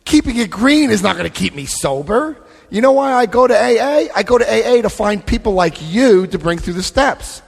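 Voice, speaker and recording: A man giving a lively, joking talk to an AA convention crowd, often acting out other people's voices. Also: high-pitched, normal speed, creaky, husky. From United States. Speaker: AA convention speaker. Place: large convention hall. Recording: live hall recording with long reverb.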